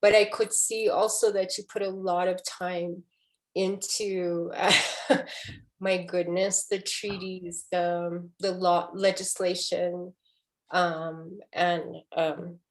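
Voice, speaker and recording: A woman poet in a book conversation, speaking emotionally and haltingly, with many restarts. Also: lowish voice, flat delivery. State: tearful.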